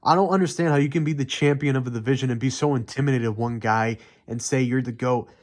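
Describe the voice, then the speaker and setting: A man's voice: mid-range voice, fast talker. A young man ranting heatedly and profanely in unscripted commentary, rambling with many fillers. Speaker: MMA commentary YouTuber.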